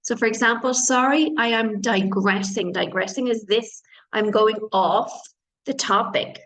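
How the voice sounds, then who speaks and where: Woman, English teacher, online lesson, higher voice, repeats phrases, slow careful explaining. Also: fairly bright tone, low-quality recording. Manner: explains slowly, repeats phrases, switches to Spanish to gloss words. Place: based in Spain.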